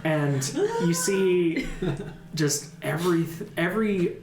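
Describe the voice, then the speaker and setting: A man's voice: a little high, slow, a loud crowd. A man running a tabletop game as dungeon master, narrating in a rambling way full of ums and likes. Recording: echoey room, music behind.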